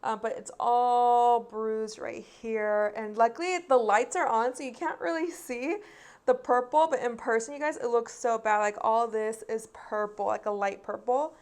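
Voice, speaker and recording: A young Mexican American woman talks straight to her viewers in a casual home vlog, her voice a little on the high side. She chats freely and slips between English and Spanish mid-sentence. The sound is close and intimate, like a phone propped up nearby. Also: fairly even intonation, moderate pace, a little mellow, clear, resonant tone. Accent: Mexican American, switching into Mexican Spanish. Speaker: makeup vlogger.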